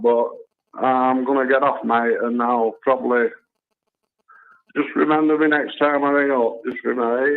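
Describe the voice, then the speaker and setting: A man calling in to a talk show, telling a rambling story full of "you know" and "and all that". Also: mid-range voice. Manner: chatty, lots of filler tags like "you know" and "and all that". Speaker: phone-in caller. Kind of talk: rambling anecdote on a call-in show. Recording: tinny phone line.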